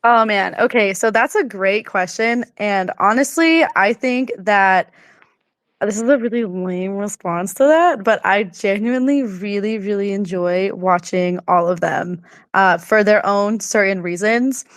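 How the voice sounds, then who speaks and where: A woman co-hosting a podcast, upbeat and chatty, slightly hoarse after a sore throat. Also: mid-range voice, a little slow, no echo, studio quality. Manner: upbeat and chatty, says "like" often. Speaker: podcast co-host. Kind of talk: casual podcast chat.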